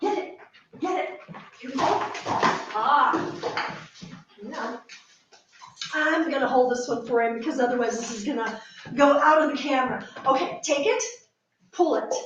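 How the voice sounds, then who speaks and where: A woman's voice: sits high, moderate pace, pauses often, fairly bright tone, muffled recording. Distant echoey woman coaxing her dog. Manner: coaxing, repeating short praise and commands to a dog. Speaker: search and rescue dog handler. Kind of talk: training demonstration with running explanation. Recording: very echoey room, mic at a distance, faint noise.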